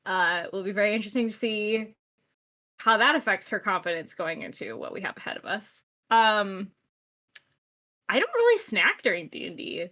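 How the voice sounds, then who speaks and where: A woman's voice: medium pitch, sing-song, normal speed, pushed and bright. A woman introducing herself as a player, friendly and a bit self-effacing. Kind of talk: casual chat.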